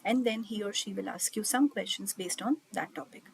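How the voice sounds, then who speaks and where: A woman's voice: mid-range voice, fairly quick, creaky, slight background noise, low-quality recording. A woman teaching an online IELTS speaking class, reading slide points aloud and explaining them, with frequent fillers like "okay" and "uh".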